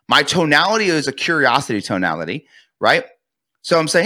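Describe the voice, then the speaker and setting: A man's voice: mid-range voice, expressive, fairly quick, bright, forceful tone. A man, a real estate coach, speaking as a podcast guest and energetically acting out sales call scripts.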